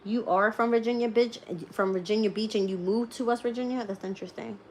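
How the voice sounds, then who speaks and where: A woman chatting casually on a live stream as a tarot reader, laughing often and swearing freely as she tells animated stories. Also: fairly high pitch, brisk, slight background noise.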